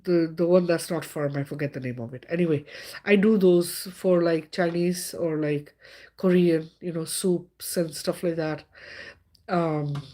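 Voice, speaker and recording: A woman's voice: fairly low pitch, measured pace, dark tone. A middle-aged woman hosting a live stream in a casual, chatty way, with many fillers and frequent laughter.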